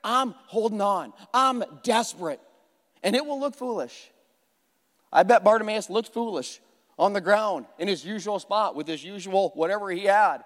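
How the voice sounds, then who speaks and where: Animated high-voiced pastor in a reverberant hall. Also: male voice, moderate pace. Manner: animated, repeats phrases for emphasis; conversational with self-deprecating humor. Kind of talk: sermon. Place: church hall.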